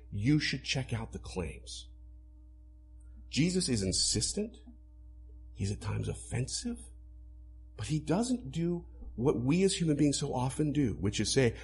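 A man preaching a sermon to a congregation, animated, acting out quoted lines as he explains. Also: medium pitch, measured pace, husky. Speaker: pastor.

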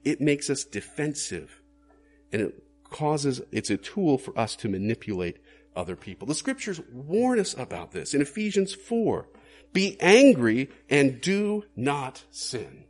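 Male pastor, sermon delivery, husky voice, lively swinging pitch, earnest questions. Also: moderate pace. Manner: earnest, questioning, rising to emphatic bursts.

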